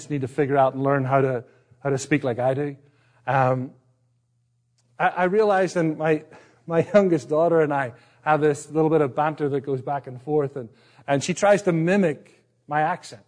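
This middle-aged pastor from Northern Ireland has an accent partly shaded by American speech. He preaches in a relaxed, self-deprecating manner, often restarting his sentences, with a slightly high, darkish voice at ordinary speed.

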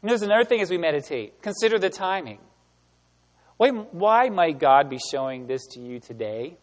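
A man giving a sermon as pastor, animated and emphatic, asking the room rhetorical questions. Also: a little high, a little fast, long reverb tail. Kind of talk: sermon teaching.

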